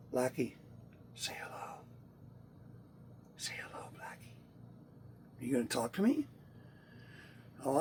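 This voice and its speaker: A middle-aged Canadian man with a Canadian accent, chatting casually to the camera inside his RV and talking sweetly to his cats. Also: fairly high pitch. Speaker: vlogger. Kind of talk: casual rambling chat to camera. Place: inside an RV near a wood stove. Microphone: handheld camera.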